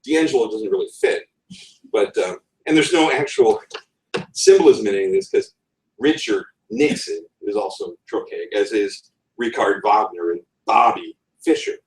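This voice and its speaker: A man's voice: lowish voice, moderate pace. Man presenting wryly in a roomy hall. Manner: wry asides, talks with a chuckle. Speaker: conference speaker. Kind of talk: presentation on writing. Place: conference room. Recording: roomy, from far off the mic.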